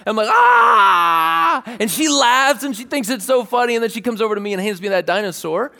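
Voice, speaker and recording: Pastor, male, a bit high-pitched, animated storyteller in a sermon, big reverberant church hall. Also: quick pace. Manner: animated, plays out scenes with sudden shouts. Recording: long reverb of a large hall.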